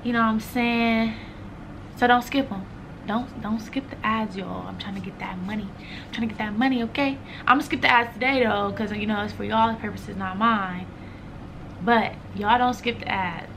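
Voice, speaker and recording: A woman's voice: a little high, moderate pace, a bit bright, a little hiss or hum. A woman hosting her own channel in a casual vlog chat, effusive and repetitive as she talks straight to her viewers.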